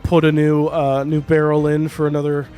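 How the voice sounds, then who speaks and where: A man's voice: on the high side, completely flat delivery, moderate pace, warm tone, soft background music. A man narrating a tabletop game as game master, in a loose, hesitant style.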